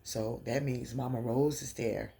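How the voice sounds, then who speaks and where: A woman in a casual recap vlog, losing her voice, telling the story in an animated way and acting out the characters' lines. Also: extremely low pitch, a little slow, creaky, slightly rough. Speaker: TV recap vlogger.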